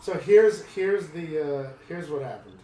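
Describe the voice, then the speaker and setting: Casting: slow-talking man, a bit high, hesitant and halting, game commentary in an echoey room. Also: dark tone. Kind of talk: let's play commentary.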